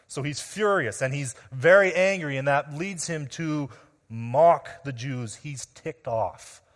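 Male pastor preaching in a reverberant sanctuary. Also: fairly high pitch. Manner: earnest preaching, trailing off quietly at phrase ends; addresses listeners as men and women. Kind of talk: expository sermon. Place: church sanctuary. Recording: long reverb of a large room.

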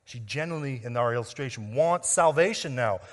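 A pastor preaches to his congregation in an emphatic, questioning way, rising to loud declarations and dropping to near-whispers. His mid-pitched male voice rings with the long reverb of a large hall. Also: lively intonation, brisk. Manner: emphatic preaching with rhetorical questions, swinging between loud and quiet. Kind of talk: sermon.

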